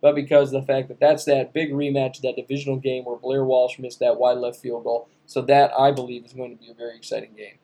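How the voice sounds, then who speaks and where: A man in his thirties co-hosting a sports podcast, talking in an excitable, playful way. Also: medium pitch, fast talker, few pauses. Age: 30s. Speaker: podcast co-host. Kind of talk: casual sports chat.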